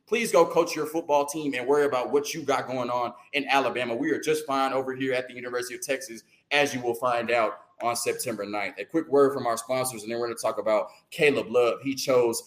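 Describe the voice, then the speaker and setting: A man hosting a sports show, ranting fast and excitedly, stumbling over words and firing off rhetorical questions. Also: mid-range voice, echoey room. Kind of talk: heated sports rant.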